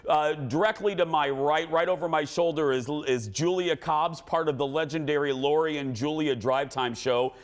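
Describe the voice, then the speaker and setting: A middle-aged man hosting a TV talk show, telling loud, animated stories and laughing at his own jokes. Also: a little high, moderate pace, hardly any pauses. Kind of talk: casual chat, storytelling.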